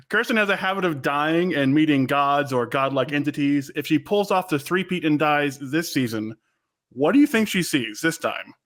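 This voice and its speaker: A man reads out quick lightning-round questions and options in an upbeat way. His voice sits somewhat high for a man. The interview is relaxed and casual. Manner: upbeat, quiz-style delivery.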